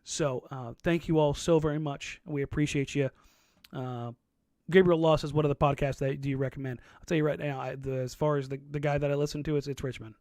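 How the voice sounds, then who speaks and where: A man's voice: fairly high pitch, steady tone, darkish tone, no room sound, clean studio sound. A man co-hosting a casual sports podcast, telling rambling stories and laughing easily. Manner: rambling storyteller, quick to laugh. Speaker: podcast co-host.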